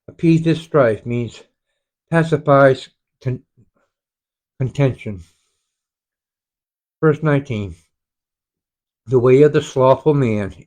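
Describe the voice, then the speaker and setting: Brief: man, unhurried Bible study leader, halting reads with self-corrections, mid-pitched voice. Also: a little mellow. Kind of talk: slow verse-by-verse scripture reading with explanations. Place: home, online group study.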